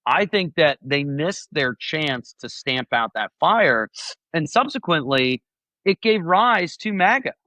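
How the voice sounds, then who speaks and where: A man co-hosting a political podcast, thinking aloud in a lively, casual way. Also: on the high side, slow pace, dry recording. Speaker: podcast co-host.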